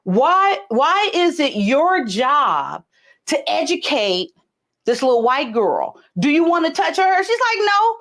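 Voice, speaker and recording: Animated high-voiced woman telling stories. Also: slow pace. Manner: animated, profane, acts out dialogue in high voices. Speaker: host. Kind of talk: casual live chat storytelling.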